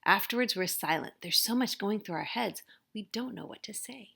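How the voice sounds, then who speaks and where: A woman's voice: medium pitch, animated, normal speed, creaky, a bit bright, breathy edge. A woman teacher reading a picture book aloud, narrating expressively. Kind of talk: storybook read-aloud.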